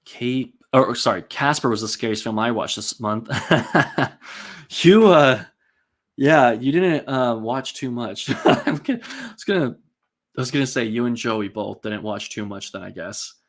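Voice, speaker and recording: A man's voice: medium pitch, measured pace. Chatty man hosting a casual live-stream. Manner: rambling and chatty, many ums and likes, reads and answers chat comments.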